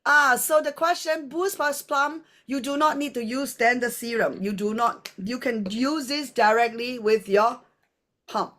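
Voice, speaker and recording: A woman's voice: on the high side, measured pace, fairly bright tone. A woman who presents skincare products in a live demonstration. She talks in a chatty, rambling way full of fillers.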